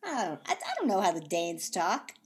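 Lively, animated woman podcaster. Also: lowish voice, normal speed. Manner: animated, jokey, swears casually. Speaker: podcast co-host. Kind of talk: casual chat.

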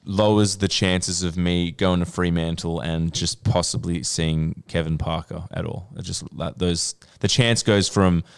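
A young Australian man co-hosting a casual chat, animated and quick to laugh along. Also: low-pitched, vocal fry, clean tone. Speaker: podcast co-host.

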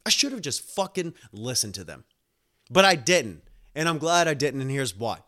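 Animated man telling a story. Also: medium pitch, normal speed. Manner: animated, laughing, swearing, acts out voices in quotes. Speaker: podcast host. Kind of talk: casual storytelling.

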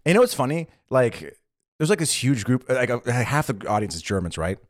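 A man's voice: medium pitch, sing-song, normal speed, no room sound, studio quality. A man co-hosting a podcast in casual chat, laughing often and talking with lots of fillers and restarts. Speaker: podcast co-host.

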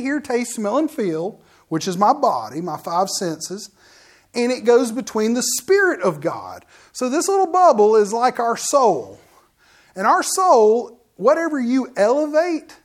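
Folksy, animated male preacher. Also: very high-pitched. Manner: animated, folksy, addresses listeners directly. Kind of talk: casual conversational sermon.

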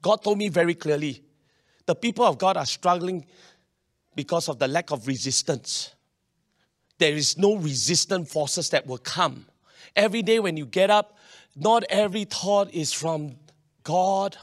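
Man, pastor, sermon, high voice, lively, acts out quotes. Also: a little slow, long pauses. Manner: animated, acts out quoted voices, swings between loud and quiet.

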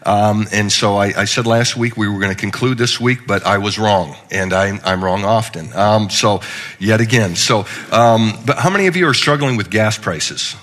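A man's voice: fairly low pitch, normal speed, fairly bright tone. A middle-aged male pastor giving a conversational, joking sermon with frequent restarts.

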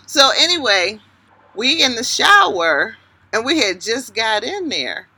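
A middle-aged woman chats on a podcast, animated and quick to swing from loud to hushed. Her voice is bright and ranges widely in pitch. The sound is dry, with no room around it. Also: slightly rough, dry recording. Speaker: podcast co-host. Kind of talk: casual podcast chat.

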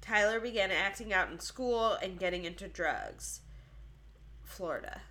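A bright, clear woman hosting a true-crime podcast in an easygoing, chatty way. She reads from her notes with a steady mid-range voice. She breaks off now and then for a wry aside. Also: mid-range voice, normal speed. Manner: reads case notes, jokes and laughs between facts. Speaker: podcast co-host.

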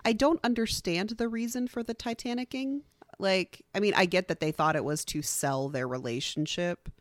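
A woman's voice: medium pitch, normal speed, no echo, clean studio sound. A woman co-hosting a casual podcast, making wry, self-deprecating asides. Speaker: podcast co-host. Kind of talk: casual chat.

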